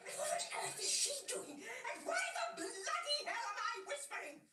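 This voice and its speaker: An actress playing an exasperated middle-aged wife in a 1990s sitcom, scolding in disbelief. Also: female voice, very high voice, very animated, moderate pace, exaggerated voice. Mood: incredulous. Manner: incredulous, scolding. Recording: loud noisy TV clip playback.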